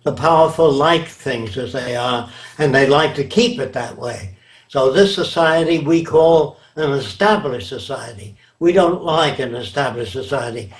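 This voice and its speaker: A man's voice: mid-range voice, unhurried. An older man answering interview questions in an emphatic, lecturing way, often checking whether his listener understands. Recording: roomy echo.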